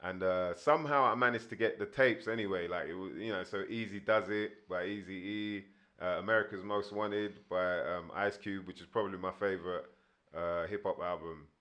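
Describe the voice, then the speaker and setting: A man's voice: deep voice, steady tone, moderate pace, a bit bright, lo-fi sound. A man in his thirties, a guest rapper telling rambling stories in a casual interview, full of fillers.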